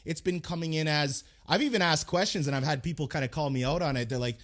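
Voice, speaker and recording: An energetic male podcast host who talks emphatically and often says things twice. His voice sits a little higher than most men's. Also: fast talker. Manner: energetic, emphatic, repeats himself. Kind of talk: podcast interview.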